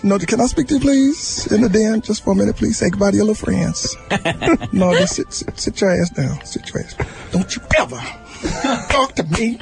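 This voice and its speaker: A furious mother hollers for her boy, threatening to knock him out, as a man puts her on. The voice sits high and swings wildly, with music under it. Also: animated, normal speed, gravelly. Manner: shouting, threatening, comic.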